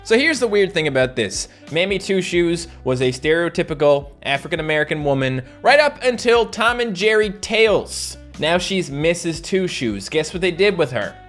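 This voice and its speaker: A man's voice: on the high side, sing-song, normal speed, few pauses, fairly bright tone, faint music behind. A man giving sarcastic, mocking commentary on old cartoons. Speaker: YouTube commentator.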